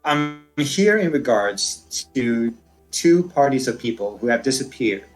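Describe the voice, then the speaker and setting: A man's voice: medium pitch, animated, a little slow, faint music behind, natural voice. Male player as a firm, no-nonsense retired woman cop. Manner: firm, businesslike. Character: stern older female retired cop.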